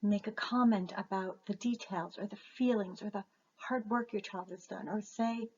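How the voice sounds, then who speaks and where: A woman's voice: medium pitch, steady tone, normal speed, darkish tone. A woman, a writing educator, giving a masterclass lecture with earnest, emphatic advice to parents. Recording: echoey room, dull lo-fi sound.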